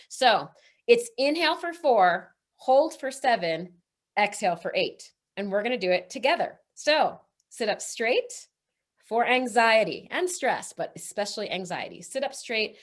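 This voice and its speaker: A woman's voice: mid-range voice, a bit bright. A woman leading a breathwork webinar over a video call, coaching listeners and counting breaths aloud. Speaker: breathwork instructor.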